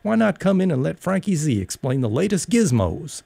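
A man voicing a chipper, folksy male hologram of an old-time showman giving a chummy sales pitch in an audiobook. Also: sing-song, moderate pace, gravelly, dark tone, breathy edge, dry recording, full character voice. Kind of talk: audiobook reading.

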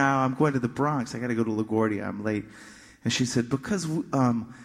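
A man's voice: fairly low pitch, creaky. A man talking to a concert audience between songs, telling a rambling, self-deprecating story with stammered restarts. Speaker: touring musician on stage. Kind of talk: stage banter between songs. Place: live concert venue. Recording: live hall reverb.

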